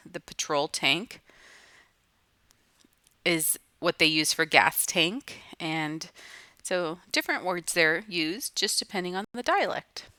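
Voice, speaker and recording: A woman's voice: fairly low pitch, pushed and bright, no echo. A woman teacher giving a recorded lesson to students, explaining patiently and restating each point.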